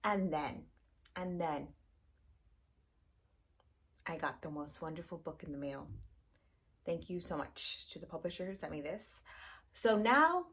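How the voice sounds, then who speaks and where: A woman's voice: deep voice, expressive, measured pace, long pauses, fairly bright tone. A young woman vlogging about books in a chatty, gushing way, full of fillers and acted-out reactions. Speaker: book vlogger. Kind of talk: casual chat.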